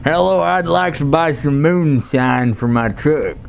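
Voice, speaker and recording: A man's voice: on the high side, a little slow, creaky, a little hiss or hum, voice pushed up. A man voicing a drunk American redneck trucker who keeps asking for moonshine, in a put-on Southern American drawl. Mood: pleading.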